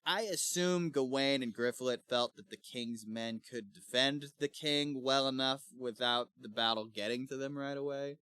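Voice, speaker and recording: A man co-hosting a book club podcast, casually retelling the story in an animated way and slipping into quick character voices. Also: medium pitch, clean tone, no room sound, studio quality. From Missouri, USA. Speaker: podcast co-host.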